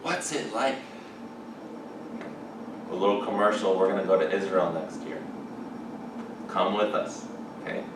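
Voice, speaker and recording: Animated man preaching in an echoey chapel. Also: sits low, measured pace, pauses often. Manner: animated, rising to excited exclamations. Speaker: chapel speaker. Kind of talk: lively chapel sermon. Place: large echoing chapel. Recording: echoey hall from far off, background noise.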